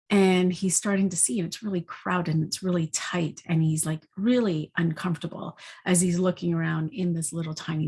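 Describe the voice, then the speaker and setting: Low breathy woman coach, telling a story slow and gentle. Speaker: intuitive energy coach. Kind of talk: spoken forecast with storytelling.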